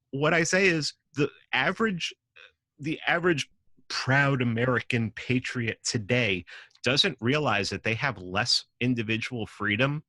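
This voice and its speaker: Tense and bright, with a mid-range voice on a dry recording, this New York City man is a podcast guest in a casual conversational argument. He speaks emphatically, swears, and performs the voices he quotes.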